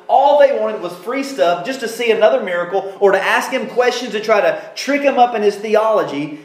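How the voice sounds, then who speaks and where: High-voiced man preaching in an echoey room. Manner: explanatory, emphatic, halting restarts. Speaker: pastor. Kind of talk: sermon.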